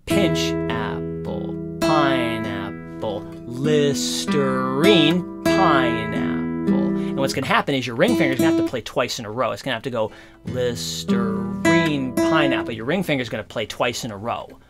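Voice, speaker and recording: A man giving a casual guitar lesson, explaining in a relaxed, rambling way with lots of fillers. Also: medium pitch, very fast, few pauses. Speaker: guitar teacher. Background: guitar playing.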